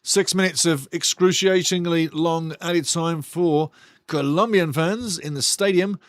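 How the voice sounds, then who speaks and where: A man's voice: a little high, measured pace, dry recording, clean studio sound. A man hosting a live football watch-along, chatting loosely with viewers and calling the play as it happens. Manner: chatty, rambling, banters with chat. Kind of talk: casual live match commentary.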